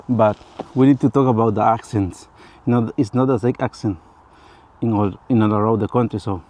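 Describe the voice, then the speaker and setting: Speaking to camera in a casual, personal way, this male vlogger uses halting English learned on top of his native Spanish. His voice is warm and mid-range, and his speech is full of restarts, repetitions, and frequent laughter.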